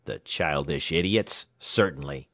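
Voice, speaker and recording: A man's voice: very deep voice, a little slow, pushed and bright, no echo, studio quality, pitched below the performer's own voice, full character voice. A man voicing a pompous young male railroad clerk who quavers and stammers when frightened. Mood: lofty.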